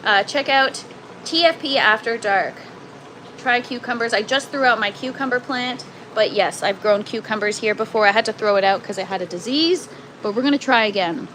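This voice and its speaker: A woman's voice: on the high side, moderate pace, fairly bright tone, a little hiss or hum, poor audio. Chatty woman hosting a grow-tent livestream. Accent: Canadian. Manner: chatty, self-deprecating, reads out viewer comments. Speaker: livestream host, gardener. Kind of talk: casual livestream chat.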